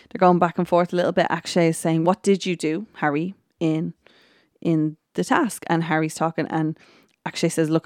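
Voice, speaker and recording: A woman hosting a podcast, giving a casual, chatty recap of a TV episode and often filling pauses with "look" and "um". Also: sits low, a little mellow, no room sound, clean studio sound. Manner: chatty retelling full of "look" and "um". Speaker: podcast host.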